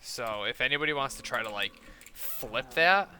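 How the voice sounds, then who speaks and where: Bright-voiced ranting young gamer guy. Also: mid-range voice, quick pace, a little hiss or hum. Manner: profane, ranting, quoting others in a mocking tone. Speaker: gaming streamer. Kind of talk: casual gameplay chat.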